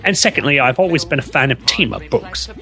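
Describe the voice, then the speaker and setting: A man's voice: mid-range voice, lively intonation, fairly quick, creaky, sharp tone. A man reading out a fan letter in a put-on Australian accent, playing a male comic-book fan. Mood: cheery. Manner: hammy, exaggerated reading.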